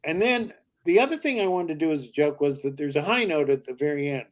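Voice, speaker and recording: Older male comic guest, a lively raconteur who drops into voices, voice pitched a bit high. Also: quick pace. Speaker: guest comedian. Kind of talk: anecdotal storytelling.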